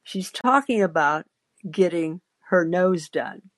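A woman's voice: on the low side, animated, slow. A woman hosting a call-in podcast, telling a rambling, anecdotal story full of fillers and restarts. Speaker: podcast host.

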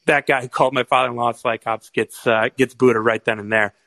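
A man's voice: medium pitch, fairly even intonation, a little fast, vocal fry, bright, forceful tone, no echo. A man calls in to tell a story, wandering through it with plenty of "uh" and "you know" along the way. His voice is recorded close and dry, with no room sound around it. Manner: rambling storytelling with fillers. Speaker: caller. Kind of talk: phone-in anecdote.

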